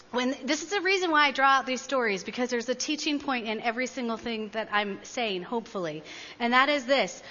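A woman preacher telling a story in a sermon, animated and laughing easily. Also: on the high side. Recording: dull, echoey hall recording.

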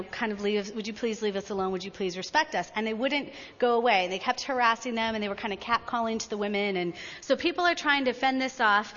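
Woman preacher, sermon storytelling, bright sharp tone, echoey hall, dull sound. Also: high voice. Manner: animated, laughing storyteller.

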